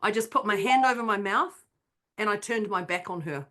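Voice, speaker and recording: A woman chatting on a podcast, her voice set in the middle of the usual range. She recounts a story with animated flair, slipping into the voices of the people in it. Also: mid-range voice, moderate pace. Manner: animated storyteller, acts out her own quotes. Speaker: podcast co-host. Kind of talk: casual chat, storytelling.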